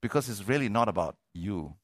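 A middle-aged male pastor preaching a sermon, animated, repeating words and asking for amens. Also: lowish voice, brisk.

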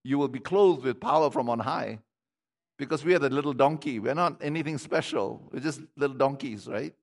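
A man's voice: mid-range voice, a little fast, vocal fry. A pastor preaching a sermon, reading scripture aloud and breaking off to comment to his congregation. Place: church sanctuary. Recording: long hall reverb.

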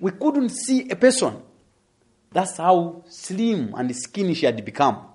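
A young adult man telling a testimony in a sermon, animated and laughing as he tells the story. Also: high-pitched, unhurried. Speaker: preacher.

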